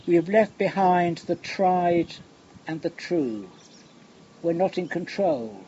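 Slow, reflective preacher, man. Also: high voice, expressive. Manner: slow, reflective, drops to a hush on key phrases. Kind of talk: sermon. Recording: muffled recording with background noise.

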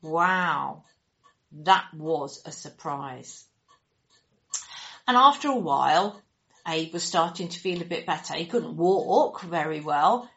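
A woman reads a children's story aloud with a lively, swooping voice that keeps rising and falling. She acts out every character and adds little sound effects as she goes. The recording sounds dull and lo-fi. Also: low voice, takes it slowly. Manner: animated and expressive, voicing characters with sound effects.

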